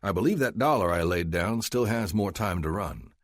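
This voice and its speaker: A man voicing a calm, steely older male bounty hunter with a firm, measured delivery in a dry-sounding audiobook. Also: low voice, no room sound.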